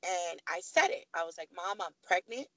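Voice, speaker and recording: A woman in her thirties with a gravelly edge, telling her own story with animated energy. She slips into the voices of the people she quotes. The sound is close and dry, with no room around it. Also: on the low side, normal speed, dry recording, rough recording. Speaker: podcast guest. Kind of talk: candid storytelling.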